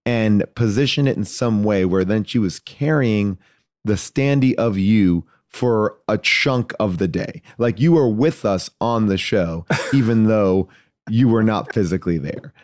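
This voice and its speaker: Male comedian guest, low-pitched, dry close sound, loose rambling anecdote style. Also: measured pace, dry recording. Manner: animated, acts out voices in his anecdotes; loose and rambling, many fillers and restarts. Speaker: podcast guest, actor and comedian. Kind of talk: casual storytelling chat.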